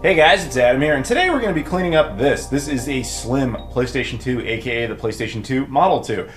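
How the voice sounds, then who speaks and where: A man's voice: mid-range voice, expressive, fairly quick, over music. A man hosting a casual how-to video, talking in a chatty, informal way with lots of asides. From United States. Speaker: YouTube host.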